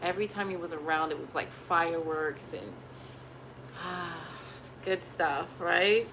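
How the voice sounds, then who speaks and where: A woman's voice: fairly low pitch, takes it slowly, background noise. A young woman vlogging at home, talking casually and animatedly to her viewers and laughing now and then. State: pregnant. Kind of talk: casual chat to camera.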